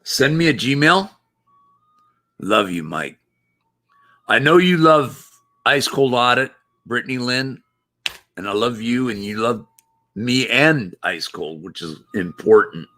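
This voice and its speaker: Slow-talking man hosting a live stream. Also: medium pitch, lively intonation, pushed and bright. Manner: slow, halting, thinks aloud. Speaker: show host. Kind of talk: casual live-stream chat.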